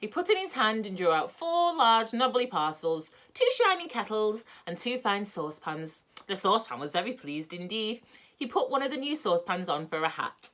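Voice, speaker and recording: Woman reading a kids book out loud, super lively up and down voice. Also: medium pitch, normal speed. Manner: lively, expressive. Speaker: storyteller. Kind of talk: reading a children's book aloud.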